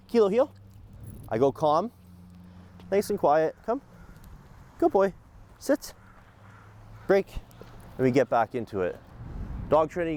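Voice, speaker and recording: A man giving casual dog-training instruction outdoors on a walk with his dog, shifting between upbeat and calm and giving short commands. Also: mid-range voice.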